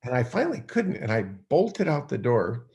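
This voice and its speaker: A man with a medium-pitched, darkish voice speaks at a moderate pace, his pitch swinging hugely. Appearing as a podcast guest, he shares a personal story in a loose, rambling, conversational way, heavy on fillers, and acts out his past thoughts aloud.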